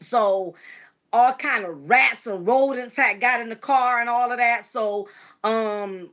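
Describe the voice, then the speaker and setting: Bright-voiced woman vlogging casually. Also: fairly high pitch. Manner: chatty, emotional, addresses viewers as y'all. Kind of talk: casual talk to camera.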